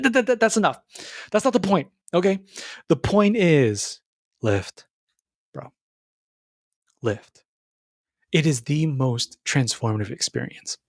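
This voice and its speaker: A young man talking casually to his viewers, rambling and stammering through restarts, animated and full of bro slang. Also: fairly high pitch, vocal fry, slightly rough, no echo, clean studio sound. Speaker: YouTuber. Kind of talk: casual monologue to camera.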